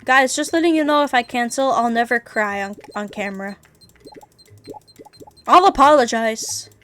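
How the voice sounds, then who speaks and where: Chatty woman streamer, a little high. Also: moderate pace, fairly bright tone, faint music behind. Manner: candid, rambling, swears freely. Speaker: VTuber streamer. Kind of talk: casual livestream chat.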